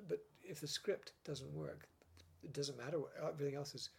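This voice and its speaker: Older British man, interview guest, gravelly, husky, animated storytelling with frequent laughs. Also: a little high, brisk. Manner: animated storyteller, laughs often, many restarts. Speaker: interview guest, former script editor. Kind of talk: casual interview chat.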